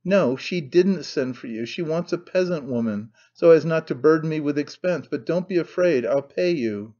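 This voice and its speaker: A man's voice: on the high side, lively intonation, normal speed, dark tone, muffled recording. A man voicing a desperate young husband who makes curt, urgent demands.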